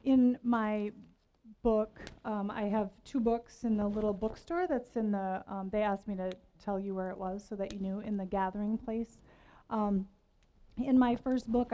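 A woman's voice: medium pitch, steady tone, moderate pace, mellow. A middle-aged woman giving a personal storytelling sermon at a faith gathering, chatty and self-deprecating. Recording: slightly muffled recording.

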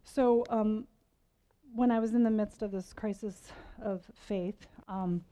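A woman's voice: mid-range voice, fairly even intonation, slow pace, mellow, rough recording. A woman in her forties giving a conversational sermon to a women's gathering, candid and self-mocking, laughing between lines. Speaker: women's event speaker.

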